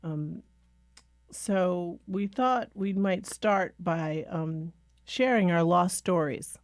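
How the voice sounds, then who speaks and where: A woman co-host opens the topic and shares a personal story at a measured, thoughtful pace. Her voice is a touch low, and the recording is dry and close. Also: no echo. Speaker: podcast co-host. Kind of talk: casual podcast conversation.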